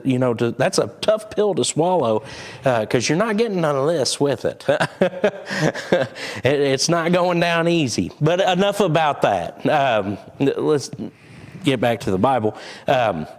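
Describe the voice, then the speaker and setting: Lively, candid preacher man. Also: medium pitch. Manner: candid, conversational, animated. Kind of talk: sermon. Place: church sanctuary.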